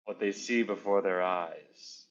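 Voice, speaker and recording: Man playing a pompous wizard: very deep, grandiose; muffled lo-fi recording. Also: steady tone, unhurried. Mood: grand, boastful. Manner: pompous, self-important.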